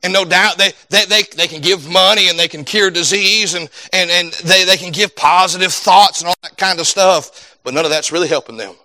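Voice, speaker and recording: A man preaching a sermon, swinging between loud rising peaks and low hushed passages. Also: brisk.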